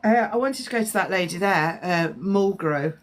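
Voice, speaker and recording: With a mid-range voice and moderate pace, a psychic medium chats through live-stream spiritual readings. She rambles as she answers viewers' comments, her voice slightly congested.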